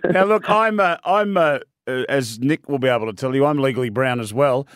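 A man's voice: mid-range voice, fairly quick, a bit bright, smooth, dry recording, studio quality. A man co-hosting a radio interview, making wry jokes. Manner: joking and wry. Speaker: radio co-host.

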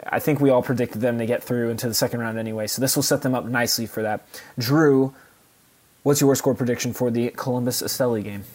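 Male podcast co-host, middle pitch, hedging casual chat. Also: fairly even intonation, quick pace, a little mellow. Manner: hedging, lots of "um" and "you know".

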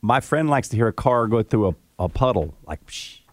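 A man's voice: medium pitch, animated, fairly quick, no echo, clean studio sound. A man in a casual group chat, easygoing, with short replies.

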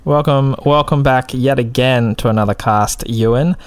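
A man's voice: mid-range voice, normal speed, clean tone, no room sound. Upbeat man hosting a podcast. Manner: upbeat, bantering. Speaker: podcast host. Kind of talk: casual podcast chat.

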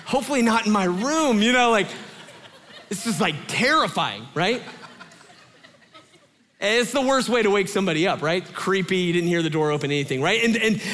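A man in his thirties, a pastor giving a sermon in a chatty, animated storytelling way. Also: sits high, in a large hall. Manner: animated, conversational storytelling with lots of fillers.

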